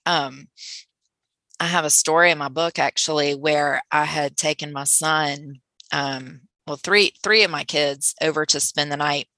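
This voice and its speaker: A middle-aged woman, a guest and author, telling a personal story in a soft, hesitant way. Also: low voice, fairly even intonation, a little slow, dry recording. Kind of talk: storytelling in conversation.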